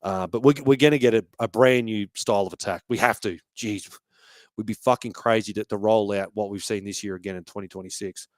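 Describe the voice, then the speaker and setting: A man's voice: lowish voice, fairly even intonation, fairly quick, dry recording. A man hosting a casual fan podcast, talking with feeling, swearing freely and restarting his sentences often. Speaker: podcast host.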